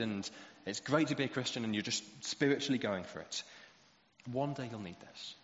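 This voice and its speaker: A man preaching a sermon, animated as he acts out quoted voices. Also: medium pitch. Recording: roomy hall echo, dull lo-fi sound.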